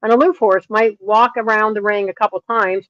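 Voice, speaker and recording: Middle-aged woman horse trainer, lively storyteller, muffled dry recording. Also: mid-range voice, a little fast, no room sound. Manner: lively storyteller acting out quoted dialogue. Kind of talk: interview storytelling. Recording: dull, dry lo-fi sound.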